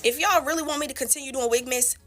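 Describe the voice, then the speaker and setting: A young woman talks bluntly in a casual get-ready-with-me chat, her voice bright and forceful and set a little high. She swings freely from wry asides into loud, animated bursts. Faint music plays behind her. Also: fast. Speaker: beauty vlogger.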